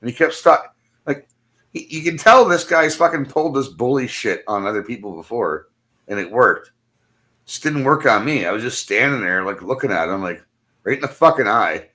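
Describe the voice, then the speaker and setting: A man's voice: mid-range voice, expressive, moderate pace, sharp tone. A middle-aged man, ranting bluntly and angrily. He swears constantly and ends his phrases with "man". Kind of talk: profane ranting monologue.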